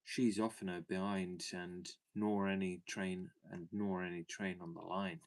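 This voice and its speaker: A man's voice: sits low, flat delivery, unhurried. Man putting on a chatty rustic railway porter. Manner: broad rustic dialect, homely and talkative. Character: chatty working-class male railway porter.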